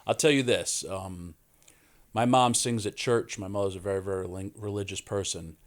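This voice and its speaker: A man, a podcast guest telling animated stories and acting out quoted voices. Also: fairly low pitch, moderate pace. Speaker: wrestling guest. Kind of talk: storytelling in a podcast interview.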